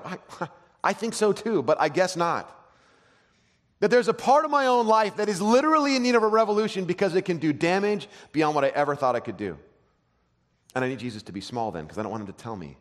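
A pastor in his thirties giving an animated sermon full of self-deprecating stories. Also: medium pitch, a little fast, big-room sound.

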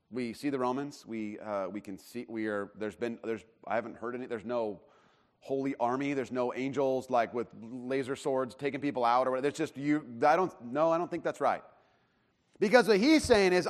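A man preaching a sermon in a conversational, animated way, acting out the voices of the people in the story. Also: medium pitch, brisk. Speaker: pastor.

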